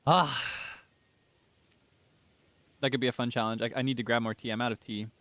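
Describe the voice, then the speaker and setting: A man's voice: mid-range voice, fairly even intonation, very fast, fairly bright tone, no echo. Chatty male game streamer. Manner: chatty, talks straight to viewers. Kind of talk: casual gameplay stream chat.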